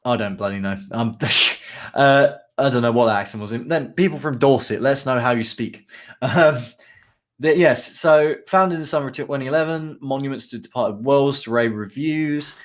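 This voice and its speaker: A man co-hosting a relaxed podcast, reading out band blurbs and pausing often with ums and little asides. His voice sits at an ordinary middle pitch. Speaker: podcast co-host. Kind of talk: casual podcast chat.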